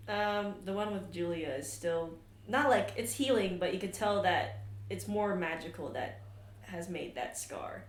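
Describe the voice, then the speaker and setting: A woman running a tabletop game as game master, narrating in a relaxed, easygoing way. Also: on the low side, measured pace. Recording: echoey room, faint noise.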